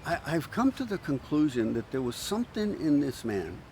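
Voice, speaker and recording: A man preaching a sermon with bouncing, animated pitch, his voice sitting a touch high. He tells the story playfully, slips into quoted voices, and restarts his words often. A faint hiss of background noise sits under him. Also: moderate pace. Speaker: pastor.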